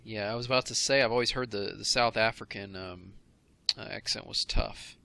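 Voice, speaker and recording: A man hosting a casual interview, reading out listener questions in a relaxed, chatty manner. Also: on the low side, fairly quick, vocal fry. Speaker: interview host.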